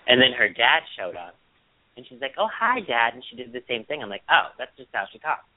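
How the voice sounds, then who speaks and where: A man co-hosting a casual podcast, telling a story in long rambling turns and acting out quoted lines in a high mocking voice. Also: expressive, brisk, no echo. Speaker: podcast co-host. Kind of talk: casual chat. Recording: dry, tinny phone-line sound.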